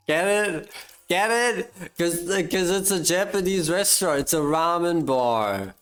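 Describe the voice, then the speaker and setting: A man streaming a game live, rambling in casual chat with self-mocking jokes and drawn-out fillers. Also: on the high side, expressive, a bit bright, soft background music.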